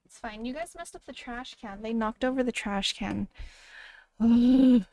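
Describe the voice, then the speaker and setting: Slow-talking woman streamer. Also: fairly high pitch, steady tone, mellow, no room sound. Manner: chatty, talks baby-talk to her dogs, laughs often. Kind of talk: casual reaction stream.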